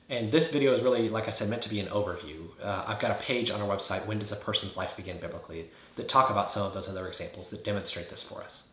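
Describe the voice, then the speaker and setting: A man's voice: on the low side, a bit bright. A man giving an earnest Bible teaching video, building his points with repeated phrases and rhetorical questions. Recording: roomy echo.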